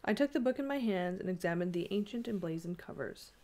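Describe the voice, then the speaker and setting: A woman reading a classic short story aloud in a calm, even storytelling manner. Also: fairly low pitch, quick pace. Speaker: reader.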